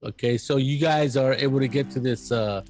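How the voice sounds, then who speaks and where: A man narrating a tabletop game as game master, pausing often with fillers and restarts. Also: medium pitch, darkish tone. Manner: halting, many fillers and restarts.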